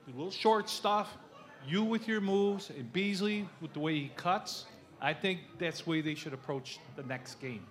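A man's voice: on the high side, a bit bright. A man, a fan at a live show, asking a player a question in a rambling, hesitant way. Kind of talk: casual chat.

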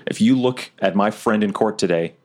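A man's voice: fairly low pitch, normal speed, a little mellow. A man playing a tabletop role-playing game, joking in and out of character. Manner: playful, jokes in and out of character. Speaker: player.

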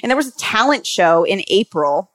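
Young american actress guest rambling along, tons of "like," middle-pitched, easy casual chat. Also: female voice, sing-song, normal speed. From United States. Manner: rambling, filler-heavy, full of "like". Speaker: actor guest.

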